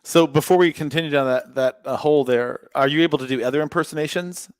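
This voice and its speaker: A man's voice: fairly high pitch, fast talker, dry recording. A male podcast host who fires off curious questions to his guest. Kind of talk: conversational interview.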